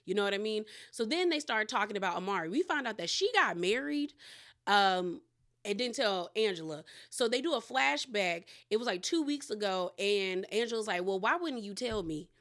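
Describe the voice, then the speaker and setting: A woman casually recapping a reality TV episode, retelling scenes in a chatty, animated way. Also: mid-range voice, normal speed.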